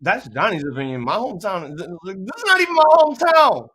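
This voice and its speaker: A young adult with a New York accent co-hosting a casual live reaction stream, ranting loudly and joking with plenty of profanity. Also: mid-range voice, very animated, fast talker, slightly rough, rough recording. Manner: loud, profane, joking rants.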